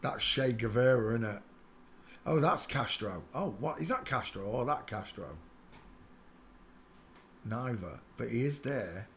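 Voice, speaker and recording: Excitable man mocking photos live. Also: measured pace, pauses often, a little hiss or hum. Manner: excitable, breaks into loud high laughter; mocking, talks to viewers by name. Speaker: livestream host. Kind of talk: casual running commentary on pictures.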